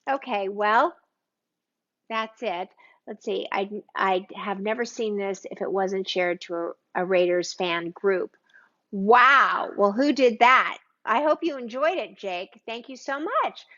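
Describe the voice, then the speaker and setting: Broadcasting live from her own kitchen, this woman chats exclamatorily with viewers, calling them by name. She speaks slowly in a mid-range, bright, forceful voice, though the recording is muffled.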